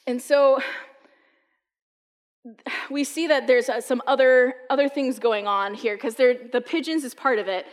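In a big-sounding room, a woman preacher from the US East Coast tells funny, chatty stories in a conversational sermon, frequently saying "like." Her high voice stays steady in tone, and she speaks at a measured pace with frequent pauses.

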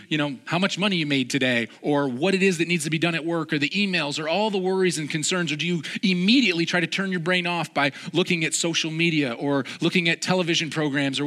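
A man's voice: fairly high pitch, pushed and bright. A man preaching a sermon, telling a personal story and repeating key phrases with earnest emphasis.

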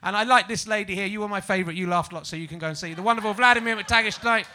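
A man's voice: high voice, rapid-fire, pushed and bright. A man hosting a live comedy podcast on stage, teasing the audience as a laughing quizmaster. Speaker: podcast host running an audience quiz.

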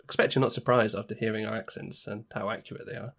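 A man's voice: fairly low pitch, fairly even intonation, fast, vocal fry, a bit bright. Dry-witted man chatting casually. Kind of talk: casual chat.

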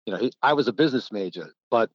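A man's voice: medium pitch, very fast, no echo, muffled recording. An older man, a former basketball player telling rambling stories in a casual interview, acting out old quotes. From New Jersey. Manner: rambling, animated, acts out quotes. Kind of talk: casual storytelling.

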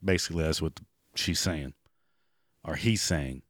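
A hoarse man with a raspy voice, giving sarcastic, profane commentary and mocking the people he talks about. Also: a bass voice, a little slow, fairly bright tone, no echo, studio quality. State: hoarse, clearing throat and coughing. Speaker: commentary vlogger. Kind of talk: ranting commentary.

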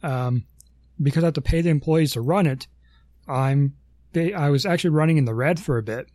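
A man's voice: on the high side, quick pace, a little mellow, dry recording, studio quality. A man co-hosting a casual podcast, rambling through long explanations with lots of ums and self-corrections. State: has the hiccups. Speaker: podcast co-host.

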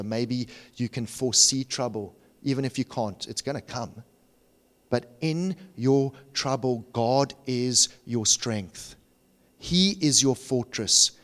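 A middle-aged man, a pastor, preaching a sermon in a church and then leading the congregation in prayer, moving between urgent, repeated appeals and a hushed, humble prayer voice. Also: medium pitch, a little slow, big-room sound. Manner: passionate, rising to urgent repetition then softening into hushed prayer. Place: church sanctuary.

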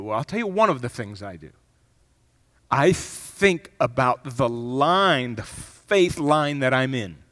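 A man preaching a sermon as pastor, swinging from loud, emphatic bursts down to hushed, reflective passages. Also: fairly high pitch. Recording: long hall reverb.

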